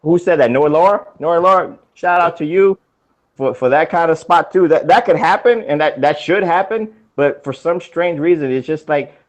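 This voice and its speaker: A laid-back male co-host on a podcast, talking his points through in a casual, easygoing way. His voice sits at a middling pitch and comes through a dull, lo-fi remote line. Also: moderate pace. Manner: laid-back, reasoning things out. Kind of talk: casual wrestling podcast chat.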